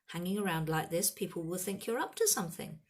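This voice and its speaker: Woman reading as a smooth, sneering male teacher. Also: on the low side, lively intonation, fast talker, a little mellow, natural voice. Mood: menacing. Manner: smooth, menacing.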